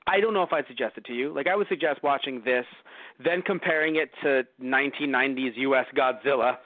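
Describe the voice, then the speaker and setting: Brisk and mid-range in voice, this man hosts a relaxed podcast reviewing movies, wandering off track with frequent fillers and false starts. It's a dry, lo-fi recording that sounds like it came through a phone.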